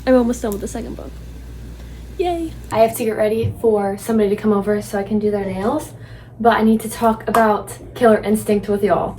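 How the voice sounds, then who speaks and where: A young woman chatting excitedly and casually in a reading vlog. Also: a little high, slight background noise. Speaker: book vlogger. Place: indoors at home.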